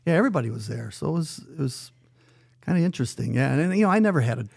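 A man with a gravelly, somewhat raised voice tells a story as a guest on a talk podcast. He moves between easy narration and playful bits where he acts out the people he quotes. It sounds like a seasoned announcer swapping tales. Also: on the high side, racing. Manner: animated storyteller who acts out quoted dialogue. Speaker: hockey radio announcer, guest.

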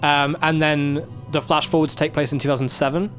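A man's voice: on the high side, level tone, fairly quick, a bit bright, soft background music. A man co-hosting a casual rewatch podcast, chatty and explaining timelines with frequent laughter. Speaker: podcast co-host.

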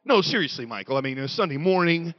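A middle-aged man preaching a sermon in a church, moving between quiet confession and loud shouting. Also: on the high side, expressive, fast, lo-fi sound.

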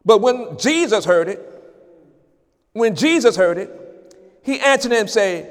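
A man preaching a sermon as pastor at an evening church service, rising into shouted praise and call-outs. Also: extremely high pitch, lively intonation, normal speed, big-room sound.

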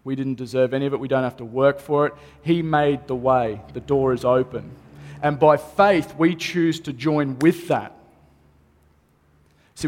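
A man's voice: medium pitch, normal speed, a little mellow. A man, a pastor, preaching a sermon earnestly and repeating key phrases for emphasis. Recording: long reverb of a hall.

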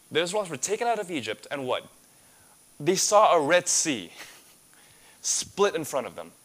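A man preaching a sermon as a pastor, earnest and full of rhetorical questions. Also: on the high side.

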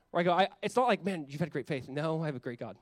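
Fast-talking young male pastor preaching. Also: on the high side, no room sound. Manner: conversational, animated, acts out quoted voices. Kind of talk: sermon.

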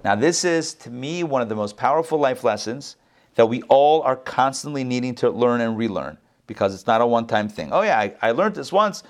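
A man's voice: medium pitch, fairly quick, a little mellow. Chatty middle-aged man teaching scripture. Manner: joking, repeats words, chatty asides. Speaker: rabbi teaching Torah class. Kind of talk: conversational Torah sermon.

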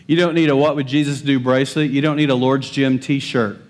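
A male pastor preaching a lively sermon, joking with the congregation and building emphasis. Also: mid-range voice, brisk. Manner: animated, humorous preaching with rising emphasis.

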